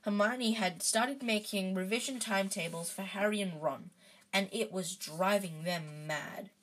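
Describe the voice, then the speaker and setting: A woman's voice: medium pitch, unhurried. A woman reading a children's novel aloud in a casual way, with small slips and fillers. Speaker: narrator.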